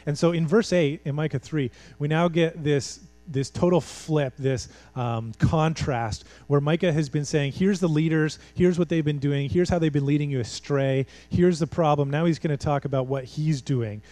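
A pastor delivers his sermon in a mellow, fairly high voice, the sound dry and close. He talks like he's chatting with his congregation, then leans hard on key words and throws out rhetorical questions. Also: moderate pace, few pauses, dry recording. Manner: conversational and emphatic, with rhetorical questions.

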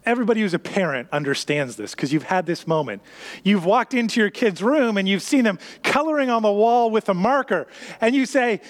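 Male pastor, high voice, animated sermon delivery, long reverb of a hall. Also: a little fast. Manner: animated, acts out scenes in a raised voice.

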